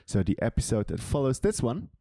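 A man's voice: medium pitch, sing-song, fairly quick, gravelly, mellow, no room sound, clean studio sound. A man co-hosting a casual comedy podcast, with wry, mock-formal announcer asides. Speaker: podcast co-host.

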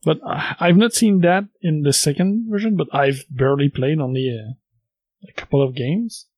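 A man co-hosting a relaxed hobby chat, hesitant, with frequent filler pauses. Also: a little high, slightly rough, dry recording. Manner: hesitant, many uh fillers, laughs softly. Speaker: podcast co-host. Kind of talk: casual chat.

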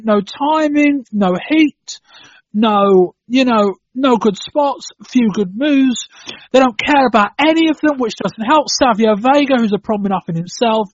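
Sarcastic guy on a podcast, pretty high voice, kinda husky, dull sound. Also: no echo. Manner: sarcastic, swears casually, many fillers. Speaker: podcast co-host. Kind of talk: casual wrestling review chat.

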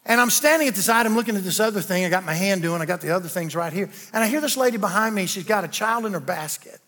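A man preaching a sermon, telling folksy stories and building to loud, emphatic declarations. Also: high voice, fast. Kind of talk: sermon with storytelling.

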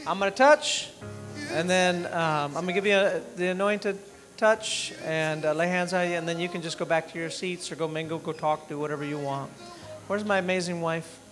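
A middle-aged male minister speaks at a dinner gathering in a fairly high voice, rambling and conversational and often restarting his sentences. He gets emotional as he moves between an informal sermon and a prayer. Soft music plays faintly behind him. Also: steady tone, normal speed. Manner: emotional, tearing up. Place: dinner event room.

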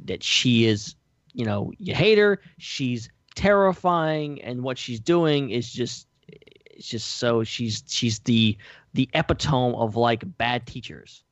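A man's voice: mid-range voice, lively intonation, slow, no echo, lo-fi sound. A man co-hosting a podcast, hesitant and searching for words in casual chat. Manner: hesitant, lots of likes and restarts. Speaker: podcast co-host.

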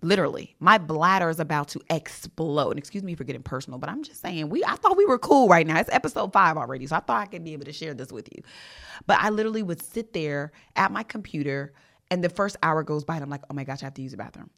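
A woman with a slightly low voice hosts a leadership podcast. She is emphatic and direct and repeats herself for effect. She keeps putting rhetorical questions to her listeners. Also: big pitch swings, fast talker, gravelly, fairly bright tone. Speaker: podcast host and leadership coach. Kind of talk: motivational podcast monologue.

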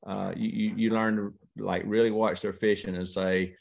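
A man's voice: fairly low pitch, level tone, moderate pace, gravelly, a little mellow. A man, a professional angler telling stories in a casual interview chat. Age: 50s. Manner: folksy storyteller, drawling, quotes others in conversation. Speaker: guest angler.

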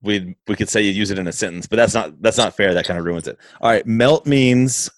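A laid-back man with a fairly low voice, talking in a loose casual chat. He laughs often, swears easily and trips over his own restarts. The sound is close and dry. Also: brisk, no room sound.

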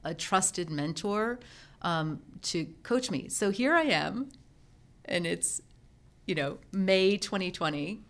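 A middle-aged woman, a guest on an interview show, telling her business story casually and acting out the conversations she remembers. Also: fairly low pitch. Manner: lively storyteller who acts out remembered dialogue. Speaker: guest, professional organizer turned entrepreneur.

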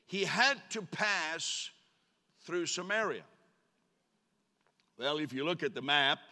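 Male pastor, lively joking sermon, bright tense voice, long reverb of a church sanctuary. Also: a little high. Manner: animated, joking with the congregation.

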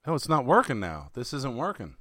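A man's voice: medium pitch, wildly swooping pitch, brisk, heavy background noise. A man in his fifties from Pennsylvania hosting a casual podcast chat, jokey and playful, swearing casually. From Pennsylvania, USA. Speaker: podcast host.

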